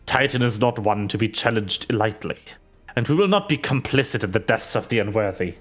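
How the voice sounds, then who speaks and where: Guy doing a grave warrior captain voice, low and slow, swinging pitch a lot. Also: animated, fairly bright tone, faint music behind. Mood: solemn. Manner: measured, grave oath-like delivery. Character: stern veteran male warrior captain, solemn. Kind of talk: reading game dialogue aloud.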